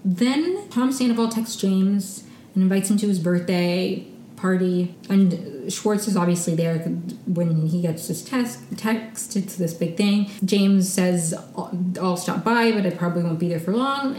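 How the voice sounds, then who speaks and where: A woman's voice: mid-range voice, warm tone, echoey room, slight background noise, rough recording. A young woman hosting a casual solo recap podcast, chatty and opinionated, with frequent "like" fillers. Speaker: podcast host recapping reality TV.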